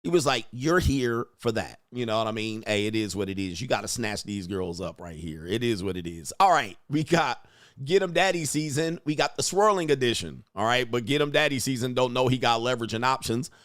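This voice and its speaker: A man hosting casual reaction commentary, animated and laughing often as he mimics people in quotes. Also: mid-range voice, fairly quick. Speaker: commentary host.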